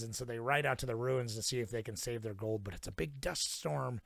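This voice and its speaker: Young man, gravelly, podcast co-host, rambling profane plot recap, dry close mic. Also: mid-range voice, a bit bright, no echo. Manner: profane, rambling retelling with quick put-on character voices. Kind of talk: casual film recap chat.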